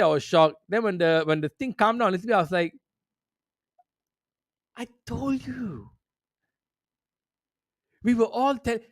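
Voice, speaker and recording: A man's voice: a little high, dry recording, clean studio sound. A man hosting a football talk show, ranting in a profane, sarcastic way. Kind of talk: heated casual commentary.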